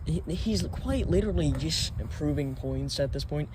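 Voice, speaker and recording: A man's voice: a little high, lively intonation, normal speed, noisy background. A man hosting a reaction commentary video, ranting in an exasperated, profane and rambling way. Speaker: commentary channel host.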